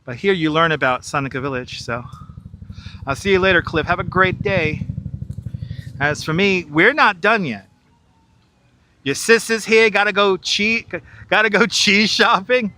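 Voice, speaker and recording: A man's voice: sits high, measured pace, pauses often, sharp tone, slight background noise. Chatty New man guiding a park walk. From New York. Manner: chatty, reads out viewer chat, laughs easily. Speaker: live-streaming tour guide. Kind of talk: casual live-stream walking tour. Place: outdoors in a large city park. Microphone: wireless clip-on mic.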